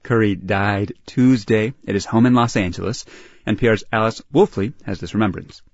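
A man reading a news bulletin in a crisp, even newsreader manner. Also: lowish voice, normal speed, dry recording, lo-fi sound. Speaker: newscaster.

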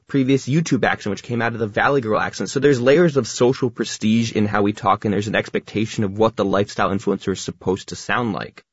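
A man talking quickly as a radio guest, explaining ideas at length in a casual way. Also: on the low side, steady tone, breathy edge, no room sound, muffled recording. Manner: fast talker, explains at length.

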